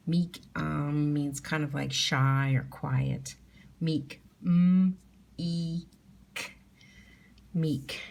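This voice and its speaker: Slow, low-voiced woman teacher sounding out letters. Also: vocal fry. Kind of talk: phonics spelling lesson for young children. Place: home.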